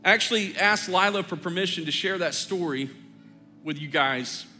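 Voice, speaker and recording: Bright-voiced middle-aged pastor, joking sermon. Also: male voice, high voice, normal speed, soft background music. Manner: conversational, joking storyteller. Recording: long hall reverb.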